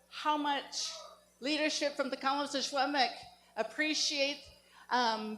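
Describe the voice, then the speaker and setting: A woman addresses a crowd outdoors with an upbeat, welcoming speech. Her voice sits high and bright in pitch. She leans on small fillers as she speaks. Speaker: elected community leader welcoming guests. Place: outdoor powwow.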